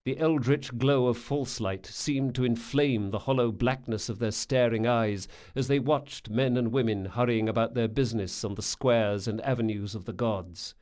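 A man reading a fantasy audiobook in a measured, descriptive storytelling manner. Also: mid-range voice, a little mellow. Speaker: narrator. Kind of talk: scripted audiobook narration.

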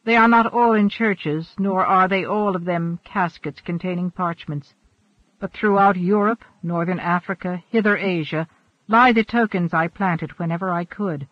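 A man voicing a calm, ageless immortal adventurer who speaks in a measured, earnest and formal way. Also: high-pitched, no room sound, close to an everyday voice. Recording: dry, dull lo-fi.

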